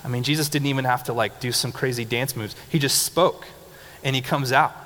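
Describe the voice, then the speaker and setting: A man's voice: mid-range voice, a little fast. Man preaching in a reverberant hall. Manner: animated and conversational, laughing often, leading call-and-response. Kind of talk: sermon. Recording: reverberant hall with faint background noise.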